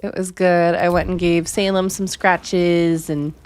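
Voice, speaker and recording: A woman's voice: fairly low pitch, little pitch movement, measured pace, a little mellow, clear, resonant tone. A woman hosting a game stream, chatting casually and talking through her plans. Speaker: streamer host. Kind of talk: casual gameplay commentary.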